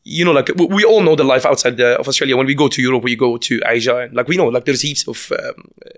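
A man with a Lebanese accent tells stories in a casual interview. His voice sits at a middle pitch, and he laughs often and restarts sentences as the stories tumble out. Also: fast talker. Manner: animated storyteller, laughs often, lots of restarts. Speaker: guest.

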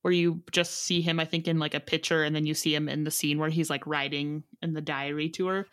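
A woman's voice: sits low, little pitch movement, fairly quick, clear, resonant tone. A woman co-hosting a casual podcast, rambling through half-remembered trivia with self-deprecating asides. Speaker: podcast co-host. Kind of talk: casual chat.

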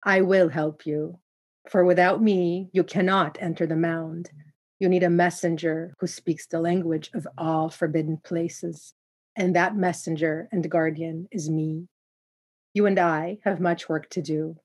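Brief: a woman doing a coy, unhurried male spirit of the crossroads, low and even, storybook. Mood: solemn. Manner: slow, coy, teasing. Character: mysterious male crossroads spirit, sly and wise.

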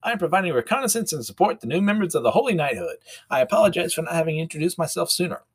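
A man's voice: on the high side, very animated, very fast, slightly rough, dry recording, voice pushed up, heavily acted. A man voicing a whimsical, carefree otherworldly being in a chipper, breezy tone. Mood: cheerful.

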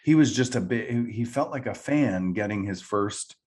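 Lower-voiced man in a relaxed podcast chat. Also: normal speed. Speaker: podcast co-host. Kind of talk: casual chat.

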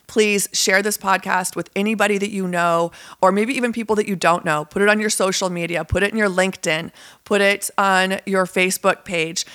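A woman's voice: medium pitch, a bit bright, no room sound, studio quality. A woman hosting her own podcast, chatting in an upbeat, encouraging way and leading listeners through positive affirmations. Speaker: podcast host. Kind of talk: casual solo podcast talk.

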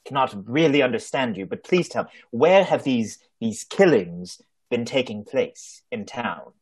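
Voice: medium pitch, animated, unhurried, a little mellow, slightly rough. A player in a tabletop role-playing game who speaks in an overly polite, apologetic way.

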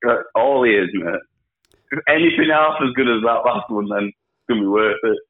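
A man's voice: fairly low pitch, a little fast, no echo, phone-quality sound. A man co-hosting a podcast, laughing and easily amused in casual chat. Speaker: podcast co-host.

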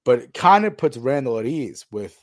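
A man's voice: mid-range voice, moderate pace, no room sound, clean studio sound. A man co-hosting a podcast, casually recapping a TV episode and acting out the scenes as he retells them. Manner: animated retelling, acts out scenes. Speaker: podcast co-host.

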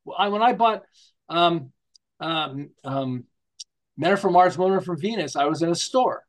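A man with a fairly high voice tells stories as a guest in an interview. He is animated and acts out little scenes, jumping from joke to example and starting his sentences over as he talks. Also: moderate pace. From United States. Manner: rambling with restarts, tells jokes. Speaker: guest, marketing author. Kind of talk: storytelling interview.

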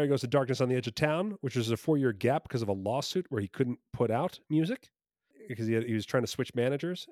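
A man's voice: medium pitch, darkish tone, no echo, studio quality. A man from New Jersey in casual podcast chat, talking in an enthusiastic, rambling way and often correcting himself.

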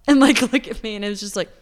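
A woman's voice: mid-range voice, fast talker. A woman in her twenties, a singer-songwriter from Atlanta, chatting casually in an interview, rambling with lots of fillers. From Atlanta, United States. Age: 20s.

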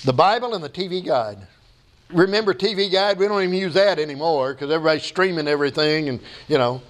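Older male pastor, sermon delivery, high voice, emphatic questions and homespun asides. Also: quick pace. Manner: preaching with rising emphatic questions and folksy asides.

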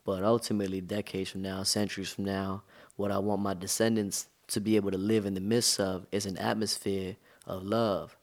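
Deep-voiced man telling stories casually. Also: fairly quick. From United States. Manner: relaxed, conversational, slangy storytelling. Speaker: interview guest. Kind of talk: casual storytelling interview.

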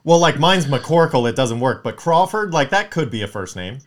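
A man's voice: medium pitch, big pitch swings, normal speed. Joking, foul-mouthed man in casual chat. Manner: profane, joking, acts out quoted people.

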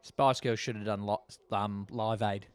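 A man's voice: on the low side, fairly even intonation, unhurried, smooth, dry recording. A man chatting casually and making wry jokes while watching a movie with a friend. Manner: wry, joking asides. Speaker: movie commentator. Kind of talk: casual movie commentary chat.

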